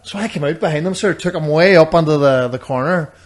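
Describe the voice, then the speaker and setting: A man, co-hosting a podcast and telling rambling, animated stories in casual chat. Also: on the high side, brisk. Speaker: podcast co-host. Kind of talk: casual storytelling.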